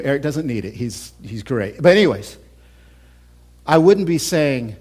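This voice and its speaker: A man preaching a sermon as pastor, impassioned, swinging between loud, emphatic lines and hushed whispers. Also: mid-range voice, big pitch swings, unhurried, pauses often, breathy edge. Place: church.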